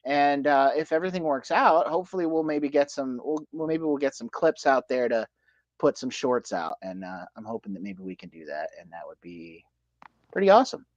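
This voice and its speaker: An American man co-hosting a casual livestream, speaking haltingly with many fillers and restarts. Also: mid-range voice, lively intonation, no echo, muffled recording. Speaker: livestream co-host.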